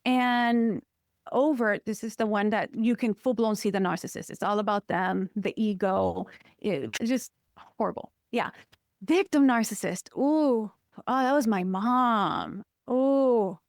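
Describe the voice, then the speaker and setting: A woman counselor, a guest on an interview podcast, telling personal stories in an expressive, emphatic way. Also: medium pitch, measured pace, no room sound, studio quality. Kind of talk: personal conversational interview talk.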